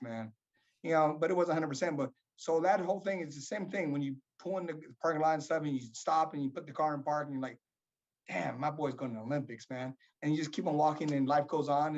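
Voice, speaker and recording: A middle-aged man, the father and coach of a boxer, telling stories reflectively as an interview guest. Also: on the high side. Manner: reflective, storytelling. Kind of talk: casual interview chat. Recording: dull lo-fi audio.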